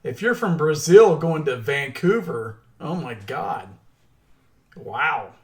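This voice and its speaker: Slow-talking Oklahoma Southern man. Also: fairly high pitch, lively intonation. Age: middle-aged. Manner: laid-back, chatty, many ums. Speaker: crypto stream host. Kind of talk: casual live-stream chat.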